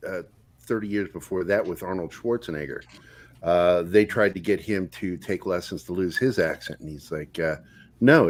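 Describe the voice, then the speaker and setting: A man with a very deep voice speaks as a guest on a relaxed panel chat. He keeps an easygoing, casual tone and drops the odd swear word.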